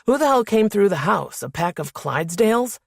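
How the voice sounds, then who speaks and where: Woman narrator as cocky bad-boy security chief, loud, playful, dry close read. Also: medium pitch, sing-song, a little fast, gravelly, dry recording, voice pushed up. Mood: joking. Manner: teasing, showy, puts on a mock English accent. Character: cocky joking young man, head of security.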